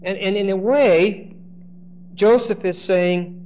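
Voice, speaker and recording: A high-pitched male preacher teaching through a passage verse by verse. He acts out what the people in the story say and stumbles over repeated words as he starts a thought. The recording is muffled and lo-fi, with a faint hiss behind him. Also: slow. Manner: animated, acts out quoted speech, repeats words when starting. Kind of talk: expository Bible teaching.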